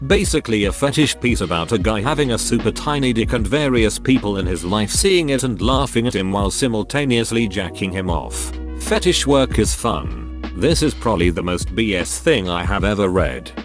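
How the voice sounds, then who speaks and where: A man's voice: lowish voice, animated, normal speed, music in the background. A man narrating a string of online posts aloud, reading each one in turn in a scripted narration style.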